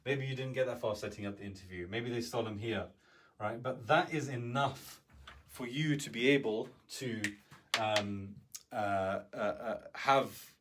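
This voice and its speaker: A business coach delivers an instructional talk in a fairly bright voice that sits on the low side. He keeps it conversational and regularly checks in with the listener by asking "right?"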